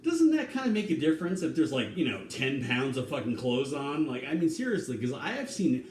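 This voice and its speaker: A man's voice: medium pitch, very animated, fairly quick, far from the mic. Rambling man in an echoey room. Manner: rambling, swearing, with sudden loud outbursts; hums and scats tunes between talking. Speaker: vlogger cooking on camera. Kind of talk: rambling casual monologue. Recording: echoey room, off-mic, faint hum.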